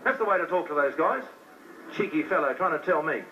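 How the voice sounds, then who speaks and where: Fervent high-voiced preacher, distant lo-fi recording. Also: male voice, lively intonation, a little fast, background noise. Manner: fervent, talks straight to the crowd with rhetorical questions. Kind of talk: fiery sermon.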